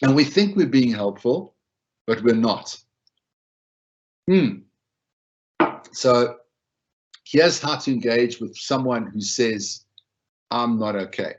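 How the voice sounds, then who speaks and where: A man speaks slowly with long pauses in an expressive, medium-pitched voice, giving an informal talk on supporting others' wellbeing. He repeats himself and acts out quoted lines conversationally, and the sound is muffled.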